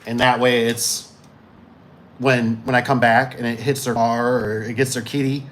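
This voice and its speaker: A man's voice: mid-range voice, level tone, normal speed, a bit bright. Rambling middle-aged man, shop talk. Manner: rambling, acts out customers in put-on voices. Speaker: garage door business owner.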